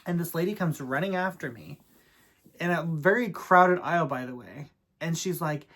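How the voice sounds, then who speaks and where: A man's voice: fairly high pitch, moderate pace, fairly bright tone. A man vlogging in a casual storytelling style, chatty and sassy with dramatic asides. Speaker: vlogger and real estate agent.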